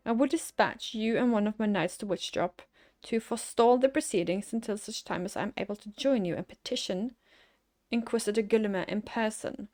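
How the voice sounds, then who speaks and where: A woman voicing a stern older noble lord in a fantasy game, reading his lines in a formal, measured way. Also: mid-range voice, a little mellow, close to an everyday voice. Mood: urgent.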